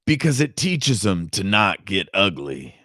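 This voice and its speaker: A man's voice: deep voice, big pitch swings, measured pace, pushed and bright, no room sound, studio quality, full character voice. A man reading aloud, voicing a crude, swaggering male official who boasts and leers. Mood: boastful. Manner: brash, leering, boastful. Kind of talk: audiobook reading with character voices.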